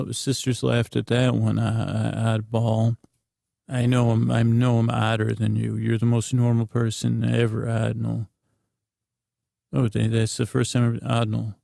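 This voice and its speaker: A middle-aged man rambling through an improvised bedtime story, halting and restarting often. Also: mid-range voice, vocal fry, a little mellow, no echo, studio quality. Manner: meandering, halting, with many restarts. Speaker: bedtime podcast host.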